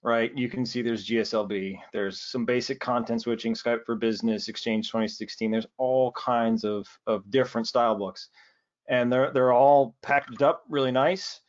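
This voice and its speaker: An easygoing man talks through a technical demo in a relaxed, joking way, checking in with a quick "right?" as he goes. His voice sits mid-range and plain. The video call audio is muffled and dull. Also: mid-range voice. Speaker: presenter.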